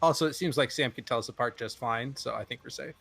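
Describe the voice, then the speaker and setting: A man jokingly arguing his case as a player at a tabletop game session, his voice at an ordinary middle pitch. Faint music plays underneath. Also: fast talker, vocal fry, a bit bright, breathy edge. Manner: joking, argumentative.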